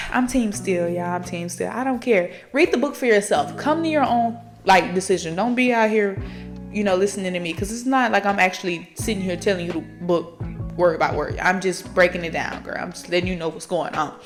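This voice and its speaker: A woman's voice: on the low side, a little fast, over music. A woman hosting a book podcast, recapping a story in a casual, slangy, profane way and talking straight to her listeners. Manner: chatty, slangy and profane, addresses listeners directly.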